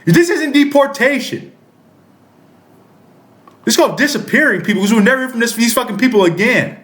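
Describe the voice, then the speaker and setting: A man's voice: very high voice, animated, fairly quick, fairly bright tone, echoey room. A man ranting angrily and sarcastically about politics, swearing heavily and reading a news article aloud with interjections. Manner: profane, furious, sarcastic ranting. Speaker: political commentator. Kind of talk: angry political rant.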